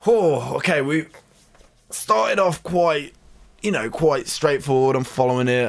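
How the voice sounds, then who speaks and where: A man's voice: fairly high pitch, unhurried, creaky, soft background music. A British man hosting a comedy podcast, reading from a book with rambling, sarcastic asides. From Britain. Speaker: podcast host.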